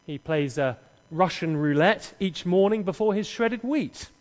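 Preacher, dramatic storyteller, slow and lively, dull reverberant hall. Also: male voice, high voice. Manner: dramatic storyteller, humorous asides. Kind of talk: sermon with acted dialogue. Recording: echoey, dull hall recording.

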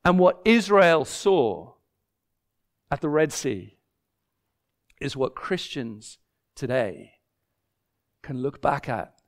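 A man's voice: fairly high pitch, expressive, slow pace, long pauses. A man preaching a sermon, building his points through repeated phrases and briefly voicing imagined people. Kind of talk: expository sermon.

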